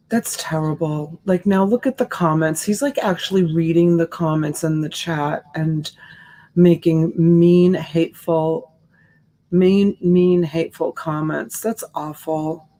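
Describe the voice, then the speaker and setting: A woman hosts a live selling stream in a low, steady, dark voice, speaking a little slowly. She chats casually and responds sympathetically to viewer comments, naming each person.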